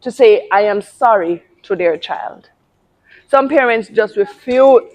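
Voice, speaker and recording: A woman's voice: medium pitch, lively intonation, a little slow, a little mellow. A woman hosting a casual talk on parenting, speaking emphatically and often repeating words. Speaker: parenting channel host.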